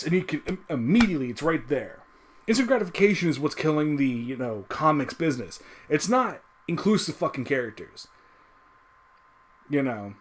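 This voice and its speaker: A man in a casual solo rant, frustrated and swearing constantly. His voice sits a little high and swings widely as he pushes his points. The delivery is loose and emphatic, full of restarts and fillers. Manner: profane, heated, lively swings in pitch. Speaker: video creator.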